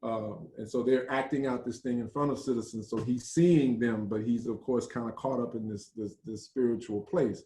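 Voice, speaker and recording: A man, a theater director, animatedly retells a play in a casual talk, pausing often on fillers. His voice is mellow and mid-pitched. It sounds like an echoey room. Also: steady tone.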